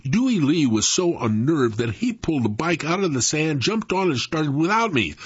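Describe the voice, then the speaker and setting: A man tells a first-person story with lively, dramatic expression and a rising and falling pitch. His voice is husky and the recording is dry and dull, with a lo-fi sound. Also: normal speed, few pauses, dry recording.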